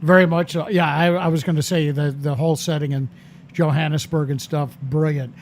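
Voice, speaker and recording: A man's voice: fairly high pitch, fairly even intonation, a little fast, slight background noise. A man hosting an interview, asking questions with enthusiastic, gushing praise. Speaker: interviewer host.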